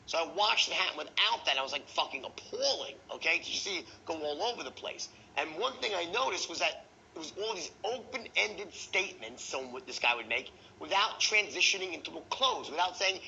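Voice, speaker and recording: A man teaching a sales training session, animated and profane, acting out the tones of voice he teaches. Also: fairly high pitch, fairly quick, creaky, muffled recording, slight background noise.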